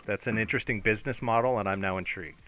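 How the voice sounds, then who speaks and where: A man's voice: lowish voice, racing, sharp tone. A man co-hosting a podcast in casual chat, wry and dry-humored, often restarting his phrases. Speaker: podcast co-host.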